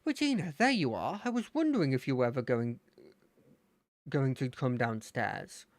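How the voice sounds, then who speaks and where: A streamer voicing an eager, excitable young male rival trainer from a fangame, speaking high and bubbly. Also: normal speed, dry recording. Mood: cheerful. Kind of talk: reading game dialogue aloud.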